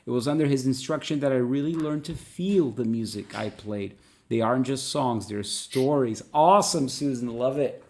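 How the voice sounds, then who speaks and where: A man hosting an interview show, asking questions and reading viewer comments aloud quickly and enthusiastically, speaking over a video call. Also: mid-range voice, a little mellow. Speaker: podcast host.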